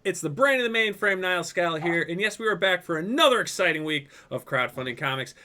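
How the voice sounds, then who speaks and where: A man co-hosting a comics podcast over a video call, energetic and jokey. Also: high voice, a little fast. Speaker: co-host.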